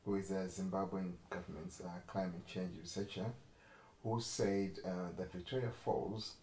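A man's voice: sits low, steady tone, moderate pace, a little mellow, slight background noise. Rambling man in a roomy echo. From Africa. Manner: rambling, laughs often, self-correcting. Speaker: podcast co-host. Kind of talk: casual chat. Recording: roomy echo with faint ambience.

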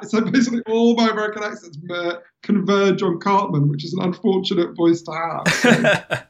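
A man from England with a London accent, a guest author in a casual interview, telling stories in an animated, chatty way and laughing often. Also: sits high, normal speed, rough recording. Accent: London English.

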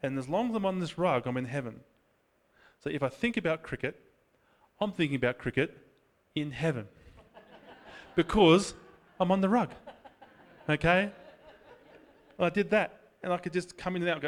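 A man's voice: fairly high pitch, moderate pace, long pauses. A man preaching in a casual storytelling way, self-deprecating and chatty, moving into prayer. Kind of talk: sermon with personal storytelling.

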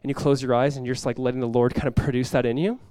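A male pastor preaching in a conversational sermon style, dropping to a hushed voice when acting out prayers. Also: mid-range voice, little pitch movement, rapid-fire, clear, resonant tone, no echo, studio quality.

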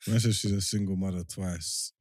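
A man chiming in with short, low-key remarks during a casual chat. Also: steady tone, moderate pace, a little mellow. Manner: brief interjections, low-key.

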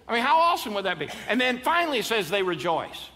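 His high voice is sing-song, bright, and forceful at a quick pace as this pastor in his fifties preaches live, trading jokes and call-and-response with the congregation. The large church auditorium gives hall reverb and faint ambience.

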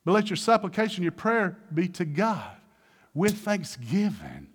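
A man's voice: high-pitched, moderate pace. A man preaching a sermon as a pastor, posing questions to the congregation and rising into emphatic exhortation.

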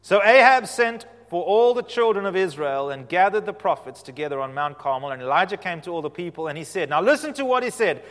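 Male preacher, slightly high voice, dramatic storyteller, long hall echo. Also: brisk, hardly any pauses. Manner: animated storytelling, swinging from loud to hushed. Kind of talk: sermon.

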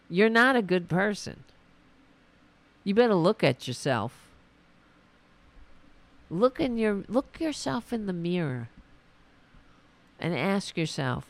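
A woman hosting a political podcast, delivering an indignant, scolding rant while her voice is going hoarse. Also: lowish voice. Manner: indignant, scolding, swears, talks to her dog aside. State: losing her voice. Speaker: podcast host. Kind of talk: ranting political commentary.

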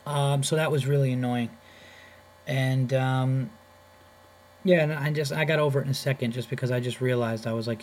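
A male podcast host rants in a heated, profane flow and trips over repeated words when he gets worked up. His voice sits in a mid range, neither high nor deep. A faint hum runs underneath. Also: fairly even intonation, moderate pace, darkish tone. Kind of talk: comedic podcast rant.

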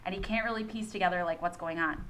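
A young woman co-hosting a podcast, retelling a story excitedly with lots of fillers and swearing. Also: lowish voice, quick pace, low-quality recording. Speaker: podcast co-host. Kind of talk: casual fandom chat.

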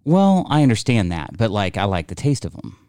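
A man co-hosting a podcast, chatting playfully with quick excited bursts. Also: lowish voice, clear, resonant tone, no echo, clean studio sound. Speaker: podcast co-host. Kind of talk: casual chat.

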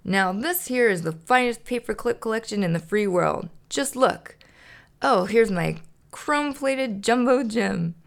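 Woman voicing a fussy, proper puppet roommate, earnest and formal, a little gravelly, storybook read-aloud. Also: on the high side, expressive, measured pace.

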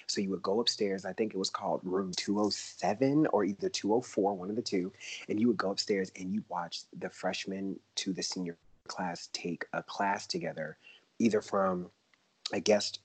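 A man in his thirties, a dancer and stage performer, chatting as a podcast guest in an animated, talkative way and laughing often. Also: low-pitched, normal speed, breathy edge, no room sound. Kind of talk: casual conversational storytelling.

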